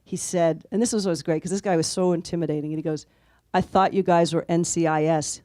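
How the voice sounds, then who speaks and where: A woman author telling anecdotes in an interview, in a lively way and quoting the people she met. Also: on the low side, a little fast. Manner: animated anecdotal, quotes others with laughs. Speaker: author guest. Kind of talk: conversational interview storytelling.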